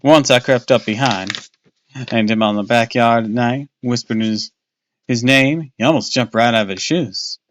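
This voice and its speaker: A man's voice: medium pitch, normal speed, a bit bright. Casual man reading a spooky kids' book. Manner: casual reading with slips and restarts. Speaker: streamer reading aloud. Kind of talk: reading a children's horror book aloud.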